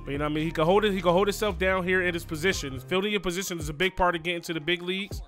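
Excitable man calling gameplay. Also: high voice, racing, faint music behind. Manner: excitable, cheers on his players, says "you know what I mean". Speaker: gaming YouTuber. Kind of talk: live play-by-play gameplay commentary.

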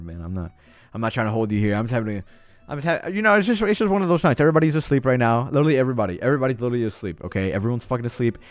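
A young man streaming a game live, talking casually, swearing often and cheering loudly at the screen. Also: mid-range voice, clear, resonant tone, dry recording. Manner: hyped and jittery, swears a lot, cheers loudly. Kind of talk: casual live-stream chat while gaming.

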